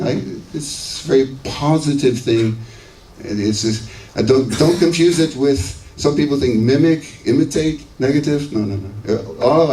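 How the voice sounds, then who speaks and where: A man's voice: medium pitch, darkish tone, reverberant. Man in his 60s, lecturer, conversational, checks in with the audience, distant mic, faint background hiss. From United States. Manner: conversational, checks in with "okay" and "right". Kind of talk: conference lecture. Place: lecture hall.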